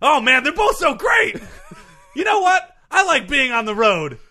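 A man puts on an endlessly sunny young ballplayer in a podcast comedy sketch, yelling out every thought with glee. The voice sits very high, swooping wildly up and down, and sounds piercingly bright. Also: big pitch swings, unhurried, full character voice. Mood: upbeat. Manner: shouty, over-enthusiastic, always upbeat. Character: relentlessly cheerful young male baseball star.

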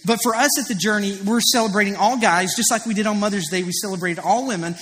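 A man's voice: high voice, fast, fairly bright tone. A man in his thirties preaching a sermon as pastor, earnest and confessional, telling stories with rising emphasis. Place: church auditorium. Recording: preached in a large reverberant hall.

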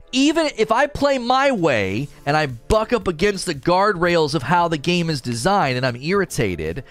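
Animated man debating games. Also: fairly high pitch. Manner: animated, rambling, defensive. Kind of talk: casual argumentative chat.

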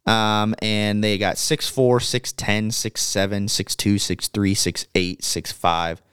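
A young man co-hosting a sports podcast, casual and animated, often repeating his words as he talks. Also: lowish voice, slow, clear, resonant tone, no room sound, studio quality. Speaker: podcast co-host.

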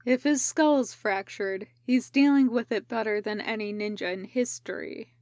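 A woman reading the lines of a calm, deadpan male ninja in a fan-fiction audiobook. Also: a little high, normal speed, dry recording, studio quality, close to an everyday voice.

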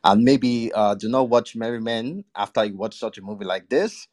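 A man giving a measured, diplomatic film review on a podcast panel, with frequent pauses and fillers. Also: mid-range voice, animated, darkish tone, no room sound, studio quality. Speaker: panel guest. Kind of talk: casual panel chat.

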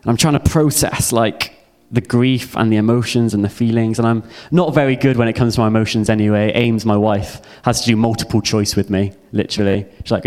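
A man's voice: on the low side, fairly even intonation, fairly quick, hardly any pauses, a little mellow. A young man giving a heartfelt personal testimony sermon to a youth audience. He speaks earnestly and repeats phrases for emphasis.

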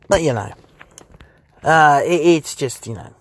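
A man's voice: on the high side, animated, measured pace, pauses often. A young man rambling and swearing in a casual podcast monologue, recorded sitting inside his parked car. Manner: profane, rambling, laughs often. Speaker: podcast host.

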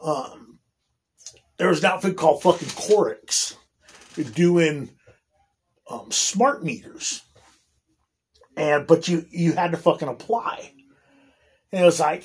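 Husky guy in his 40s, kinda high voice, cussing nonstop while he rambles through a story. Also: takes it slowly, long pauses. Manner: profane, rambling, swearing constantly. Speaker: union electrician guest. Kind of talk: casual storytelling chat.

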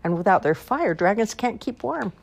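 Husky-voiced woman reading bedtime stories. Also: medium pitch, moderate pace. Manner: expressive, sing-song storytelling. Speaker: storyteller. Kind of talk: reading children's picture books aloud.

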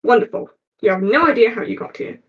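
A woman voicing a small, grumpy male goblin with glasses, speaking in a grudging, deadpan, sardonic way in a tabletop game. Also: on the high side, quick pace, distant mic, lo-fi sound.

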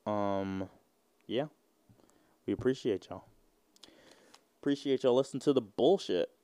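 A man's voice: lowish voice, measured pace, warm tone, no room sound. A man in his twenties hosting a solo podcast, rambling and joking with plenty of profanity. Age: 20s. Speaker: podcast host. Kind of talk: casual solo podcast rant.

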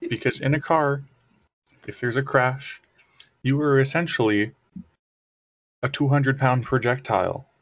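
A man's voice: mid-range voice, unhurried, long pauses, muffled recording. A man co-hosting a podcast, chatting casually with dry, teasing remarks. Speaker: podcast co-host.

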